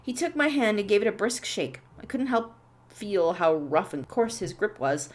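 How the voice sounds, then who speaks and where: A woman hosting a let's play, reading a visual novel's narration aloud in an expressive storytelling manner. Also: medium pitch, moderate pace, soft background music.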